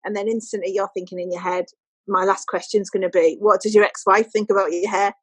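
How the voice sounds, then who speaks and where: A woman, a podcast guest telling a story in casual chat and quoting people in lively voices. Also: medium pitch, fairly quick, husky, dry recording, low-quality recording.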